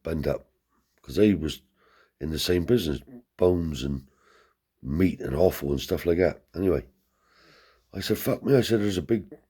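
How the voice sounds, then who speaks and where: A man's voice: rumbling low, mellow, husky. A man telling a rambling anecdote in casual, profane speech, lifting his voice to act out the people he quotes. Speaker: storyteller.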